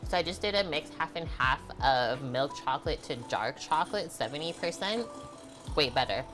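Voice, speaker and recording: With music playing underneath, a low-voiced woman speaks expressively at a moderate pace. She's hosting a cooking livestream, casually chatting with viewers, answering their messages, and dropping "like" again and again.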